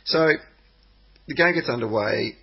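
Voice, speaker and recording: A man's voice: medium pitch, a little slow, husky. A man co-hosting a football podcast, rambling casually with plenty of ums and hesitations. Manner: rambling, hesitant, many ums, animated when telling stories. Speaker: podcast co-host. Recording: dull lo-fi podcast audio.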